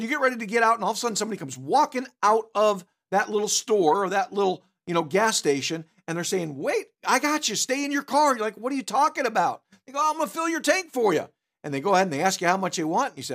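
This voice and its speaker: A mortgage industry trainer in their sixties giving a motivational talk, a lively storyteller who repeats words when stressing a point. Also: medium pitch. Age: 60s.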